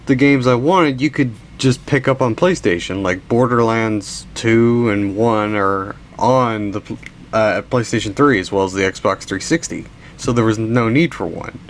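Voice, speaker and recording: A young man chats through his collection in a drowsy, rambling way, stumbling and restarting as he goes. His voice sits at an ordinary middle pitch, with a faint background hiss from the room. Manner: rambling, tired, frequent yawns and restarts. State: sleepy. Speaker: collection video host. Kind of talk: casual show-and-tell narration.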